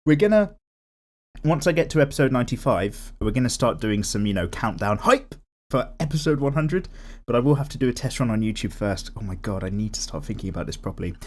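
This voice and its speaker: A young man with a casual, animated manner, chatting while he draws and swearing freely as he goes. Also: mid-range voice, fast. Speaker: art vlogger. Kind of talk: casual chat while drawing.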